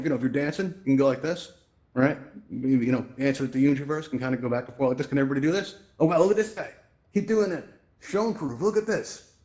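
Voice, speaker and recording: A man leads a live walkthrough in a quick, chatty rush. His voice sits a little high for a man, and he coaches his audience in an upbeat way. The sound has a roomy echo from a headset mic. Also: darkish tone. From New York. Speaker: virtual reality event host. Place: virtual reality social space. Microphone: VR headset microphone.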